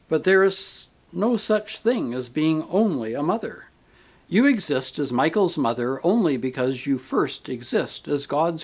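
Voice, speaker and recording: A man voicing a gentle, patient male spirit who speaks calmly and kindly, reasoning with a grieving soul in an audiobook. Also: a little high, husky, heavily acted. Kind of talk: audiobook character reading.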